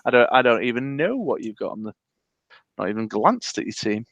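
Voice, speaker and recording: A man co-hosting a live stream, chatting about his game team in a rambling, hesitant way. His voice is bright and forceful, and it sounds dry and close with little room around it. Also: mid-range voice, sing-song, a little fast, dry recording, highs cut off. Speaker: podcast co-host.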